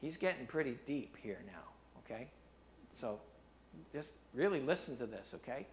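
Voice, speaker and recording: A man preaching a sermon, reading scripture in a low, quiet voice and rising loud for emphasis. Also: expressive, normal speed. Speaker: pastor.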